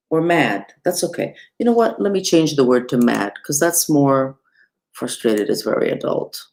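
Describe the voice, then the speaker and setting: Chatty, expressive woman teaching meditation. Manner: chatty and expressive, with wide swoops in pitch; self-deprecating asides. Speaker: spiritual teacher. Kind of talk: casual online teaching of mantras and mudras.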